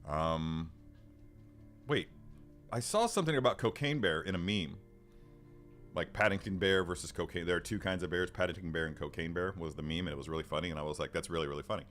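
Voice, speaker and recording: A man's voice: deep voice, a little fast, a bit bright. A middle-aged man hosting a casual livestream, rambling with many restarts and little chuckles while reading the chat. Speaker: livestream host. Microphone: studio microphone. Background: faint background music.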